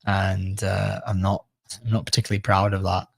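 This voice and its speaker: Low gravelly man on a podcast. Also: flat delivery, moderate pace, no echo. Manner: reflective, searching, many fillers. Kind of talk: casual podcast conversation.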